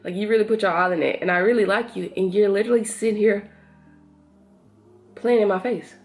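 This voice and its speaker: A young woman vlogger chatting to her viewers while doing her makeup, telling a story in an animated way and acting out what people said. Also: mid-range voice, a little fast, soft background music. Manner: animated, talks to viewers as y'all, acts out quotes. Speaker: beauty vlogger.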